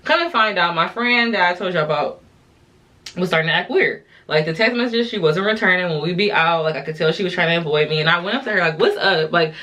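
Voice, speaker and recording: A tipsy woman in her twenties tells a casual storytime while doing her makeup, chatting to viewers in a slangy, exasperated way. Her voice is lowish, bright and pushed, and she talks quickly.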